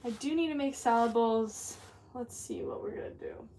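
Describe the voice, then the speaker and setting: A woman ceramic artist talks casually and a bit scatterbrained to her livestream viewers while she works. Her voice sits a little high and comes from some distance off the mic. Clear noise hums behind her in the studio. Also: moderate pace. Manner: chatty, scattered, talks to chat while working. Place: pottery studio.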